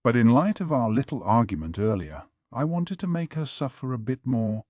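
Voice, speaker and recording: A man narrating a light novel audiobook in the first person, with a wry, measured delivery. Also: mid-range voice, sing-song, dark tone, no room sound.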